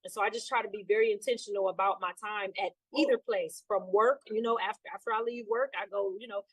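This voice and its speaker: A woman's voice: medium pitch, fairly even intonation, quick pace, husky, dry recording, rough recording. A woman guest in a casual interview, upbeat and talking freely with many fillers. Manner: upbeat, lots of fillers like "you know". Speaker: guest, trainer and sailor.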